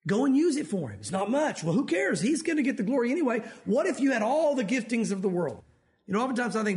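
A man preaching a sermon and teaching from the Bible, animated, acting out the voices in his stories. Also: very high-pitched, fast. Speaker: pastor.

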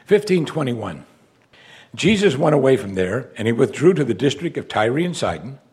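A man preaching a sermon as pastor, swinging between loud exclamations and hushed asides. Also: mid-range voice, big pitch swings, moderate pace, breathy edge.

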